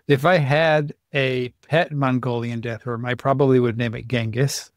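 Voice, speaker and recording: A man's voice: medium pitch, steady tone, normal speed, no room sound. A man hosting a podcast in casual chat, with dry, wry humor. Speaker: podcast host.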